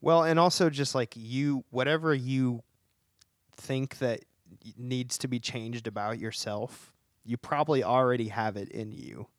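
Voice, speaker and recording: Excited tennessee dude talking movies, laughs a lot, dry sound. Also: male voice, medium pitch, a little slow, no echo. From Chattanooga, Tennessee. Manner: enthusiastic, laughs often while talking. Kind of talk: casual movie discussion.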